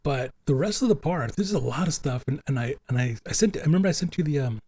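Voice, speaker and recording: A man's voice: on the high side, animated, fast, mellow, breathy edge, dry recording. A man hosting a podcast, chatting casually and rambling with lots of fillers and restarts. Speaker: podcast host. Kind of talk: casual chat.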